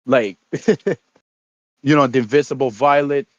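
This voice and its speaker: A man co-hosting a stream, chatting casually in a rambling, halting way and often repeating words. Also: mid-range voice, steady tone, no echo, muffled recording. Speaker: stream co-host. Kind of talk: casual chat.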